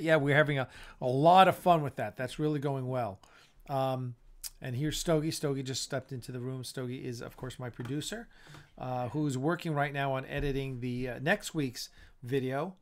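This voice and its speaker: A man's voice: mid-range voice, normal speed. A man hosting a casual live-stream chat. He sounds tired and yawns, and he gives blunt, opinionated takes. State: tired and yawning.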